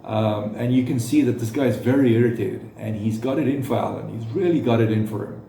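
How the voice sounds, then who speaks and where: A man giving reaction commentary, speaking haltingly with frequent fillers and restarts. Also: mid-range voice, vocal fry, mellow, roomy sound, a little hiss or hum.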